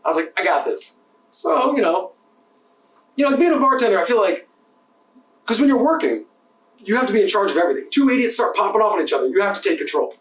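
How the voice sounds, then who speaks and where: A man, a bartender co-hosting a podcast, telling animated stories in casual chat, acting out the exchanges and swearing freely. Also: sits high, fast talker, long pauses, roomy sound, distant mic. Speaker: podcast co-host.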